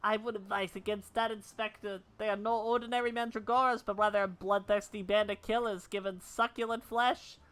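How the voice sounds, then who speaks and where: A woman's voice: mid-range voice, steady tone, brisk, few pauses, fairly bright tone, natural voice. A woman doing a fretful cook's assistant.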